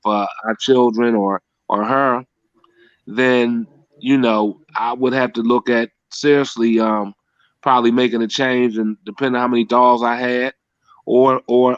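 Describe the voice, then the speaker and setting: A man chatting casually as a podcast guest. He talks in a halting, hedging way, with many restarts and "you know.". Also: medium pitch, no room sound. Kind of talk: casual chat. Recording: dull, lo-fi, dry sound.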